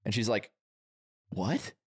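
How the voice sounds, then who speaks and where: A man's voice: on the low side, animated, darkish tone, breathy edge. A young man co-hosting a podcast, telling stories in casual chat and acting out the quotes. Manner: rapid storytelling, acts out quotes. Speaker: podcast co-host.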